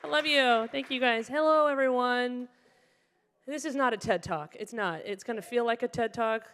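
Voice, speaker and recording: Lively woman doing stand-up in a hall. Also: normal speed, clear, resonant tone. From Egypt. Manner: animated, playful, acts out people in high voices. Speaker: stand-up comedian. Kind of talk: stand-up comedy set. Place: comedy venue on stage.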